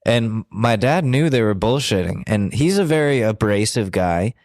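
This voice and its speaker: A man's voice: fairly low pitch, expressive, moderate pace, darkish tone, no room sound, clean studio sound. A young man co-hosting a podcast, telling a candid story in a blunt, profane, self-deprecating way. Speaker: podcast co-host.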